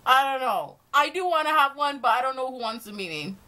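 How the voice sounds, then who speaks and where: A woman's voice: sits high, expressive, a little fast, bright, forceful tone. A young woman answering fan questions in a casual vlog, chatty and self-deprecating, often breaking into laughter.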